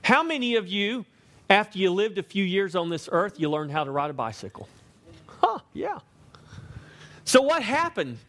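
High-voiced emphatic male preacher. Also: very animated, a bit bright. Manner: emphatic, asks the congregation questions; slows down and stresses key words. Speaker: pastor. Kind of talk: sermon.

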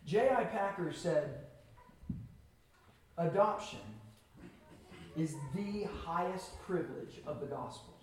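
High-voiced man preaching in an echoey hall. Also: recorded from a distance. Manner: earnest preaching with emphatic pauses. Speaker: pastor. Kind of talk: sermon. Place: church sanctuary.

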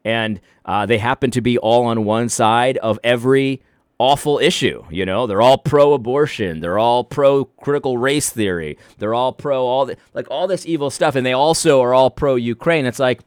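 A man's voice: medium pitch, normal speed, smooth, no room sound. Man talking in a dry, close sound. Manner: frequent restarts and stuttered repeats. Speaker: commentator. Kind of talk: casual opinion monologue.

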